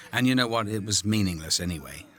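An older man recalling making a film in a relaxed, rambling commentary, full of ums and drifting into whispers. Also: fairly low pitch, quick pace. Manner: rambling, warm anecdotes, frequent ums, drops to whispers.

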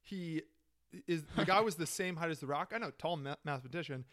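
A man's voice: fairly high pitch, brisk, fairly bright tone. A man co-hosting a podcast in loose, enthusiastic casual chat, with some swearing. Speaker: podcast co-host.

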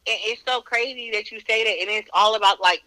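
A woman with a Northern US accent chats on a podcast. Her voice is bright and lively, and it sounds dry and close. She speaks bluntly and with a lot of swearing, telling stories with animated energy. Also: a little high, brisk, no echo, low-quality recording. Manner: blunt, profane, animated storytelling. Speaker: podcast co-host. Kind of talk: casual chat.

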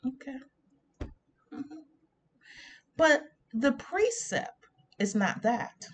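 A woman's voice: on the high side, very animated, takes it slowly, pauses often. A woman preaching an informal sermon on a radio show, drawing words out and humming in agreement with herself.

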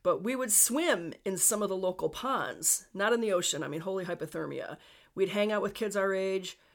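A woman's voice: medium pitch, moderate pace. A woman with a Western New York accent hosting a solo podcast, chatty and personal, with asides to her listeners. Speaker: podcast host.

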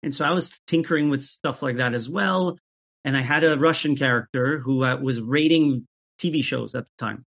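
Even-keeled man with lots of restarts. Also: mid-range voice, fairly quick, breathy edge. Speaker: guest, sketch creator. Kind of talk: casual interview chat. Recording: dull lo-fi audio.

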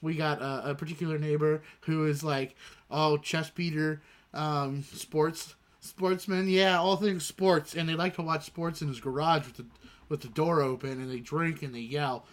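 A man's voice: a little high, fairly even intonation, normal speed. A young man co-hosting a podcast, telling loose, rambling stories full of fillers. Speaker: podcast co-host. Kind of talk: casual chat.

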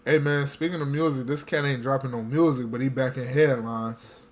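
A man's voice: medium pitch, steady tone, moderate pace. A man co-hosting a casual podcast, talking about music in a laid-back way and laughing often. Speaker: podcast co-host. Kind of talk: casual chat.

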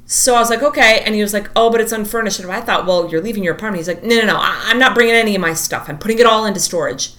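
A woman in her thirties tells a story in casual chat, her voice bright and forceful. She is animated, acts out every quoted line and says "like" a lot. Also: mid-range voice, very fast, hardly any pauses.

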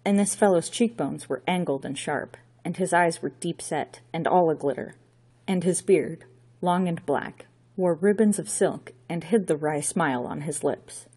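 A woman's voice: lowish voice, moderate pace, warm tone, husky. A woman narrating an audiobook with a wry storytelling delivery.

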